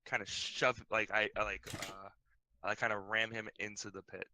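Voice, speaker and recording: Low, sharp-voiced male player. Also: level tone, normal speed, a little hiss or hum. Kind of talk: tabletop role-play.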